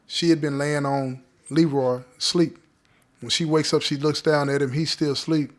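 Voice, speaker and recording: Slangy man telling a story. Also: on the high side. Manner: conversational, checks in with listeners; street slang. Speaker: podcast host telling a story. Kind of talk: casual spoken storytelling.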